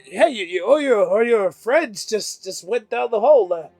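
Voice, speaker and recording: A man's voice: high-pitched, animated, normal speed, vocal fry, a little mellow, no room sound, faint music behind, exaggerated voice. A man voicing a chatty, easily rattled adult man who stammers and repeats himself. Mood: awkward.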